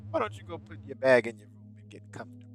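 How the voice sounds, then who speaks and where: A man voicing a gentle old grandmother in a horror game, speaking softly and coaxingly. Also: mid-range voice, sing-song, very fast, soft background music, pitched below the performer's own voice, natural voice. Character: sweet old grandmother, soft and patient.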